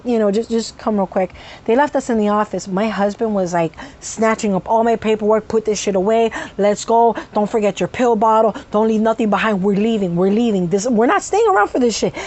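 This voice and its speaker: A woman's voice: a little high, darkish tone. A woman telling a casual story-time vlog, swearing a lot and breaking off with sudden vocal tic outbursts.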